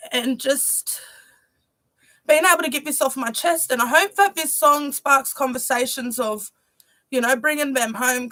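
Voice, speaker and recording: A young woman with a somewhat high voice speaks to her viewers on a livestream. Her talk is earnest and heartfelt, and she keeps falling back on "you know". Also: bright, forceful tone, dry recording. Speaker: musician presenting her music video premiere.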